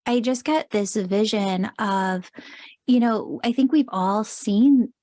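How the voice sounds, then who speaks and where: A woman's voice: medium pitch, slow pace, mellow, dry recording. A woman hosting a podcast interview, upbeat and enthusiastic in her questions. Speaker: podcast host.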